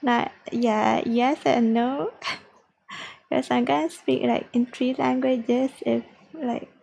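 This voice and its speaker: A woman streaming her language study, slowly repeating practice phrases aloud and chatting with viewers. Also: a little high, fairly even intonation, creaky, darkish tone, slightly rough, low-quality recording. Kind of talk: casual study-stream chat.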